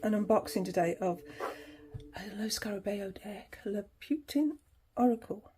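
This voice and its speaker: A woman's voice: medium pitch, animated, a little slow, dark tone, husky. A woman hosting her tarot channel, chatting casually through an unboxing, laughing easily and reading passages aloud.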